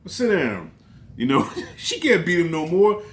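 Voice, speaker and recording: A man with a fairly high voice, reviewing a film in a relaxed vlog. He rambles through his thoughts, swears freely and keeps the talk loose. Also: moderate pace. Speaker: movie reviewer. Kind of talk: casual movie review vlog.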